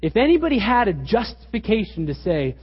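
A man with a high, husky voice preaches a sermon, driving his points home with emphatic rhetorical questions. His voice rings with a long hall reverb, and the recording sounds dull and lo-fi. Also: very animated, brisk. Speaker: pastor.

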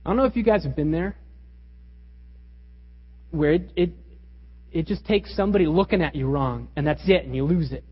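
A pastor preaching a sermon with emphatic delivery and rhetorical questions, in a church hall. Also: male voice, fairly high pitch, moderate pace, long pauses, husky. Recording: reverberant, dull lo-fi hall recording.

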